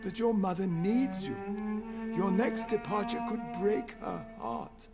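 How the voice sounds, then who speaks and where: An actress playing a polite, deferential household servant in a video game, over loud music. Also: female voice, medium pitch, steady tone, measured pace, gravelly. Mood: earnest. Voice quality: formal, deferential. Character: loyal older household servant, polite and earnest.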